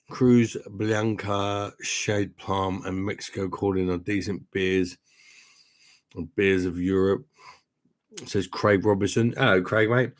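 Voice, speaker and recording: A tipsy man, chatting casually and rambling through a beer live stream at home, matey and swearing freely. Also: on the low side. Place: home room with sound panels.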